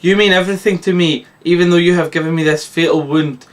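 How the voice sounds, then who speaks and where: A man's voice: on the high side, fairly even intonation, fast, voice pushed up, lightly acted. A man reading the lines of a young cartoon slacker devoted to his dog, in a plain read-aloud way. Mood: pleading.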